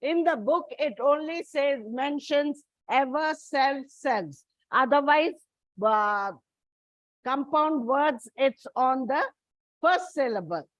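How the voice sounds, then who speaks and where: A high-pitched woman teacher lectures slowly and deliberately, walking students through grammar rules and often calling them children. The recording is dull and lo-fi, with a dry, close sound. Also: animated, no echo. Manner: slow, deliberate explaining, addresses students as children. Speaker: English teacher. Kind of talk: classroom lecture on word stress.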